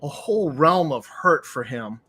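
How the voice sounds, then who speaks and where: A man with a somewhat raised pitch co-hosts a casual chat show. He speaks in a measured way, pausing often on hesitations as he thinks aloud. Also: animated, sharp tone, husky. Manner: measured, with frequent "uh" pauses. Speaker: podcast co-host.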